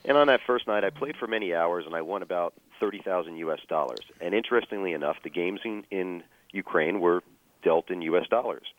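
A man telling a personal story as a guest, measured and full of fillers and restarts. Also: sits low, lively intonation, dull audio.

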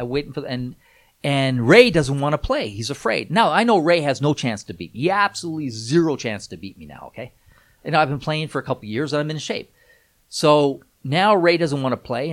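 A middle-aged man, a guest on a show, telling a rambling story with many restarts and getting loud when excited. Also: fairly high pitch. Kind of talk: casual anecdote telling.

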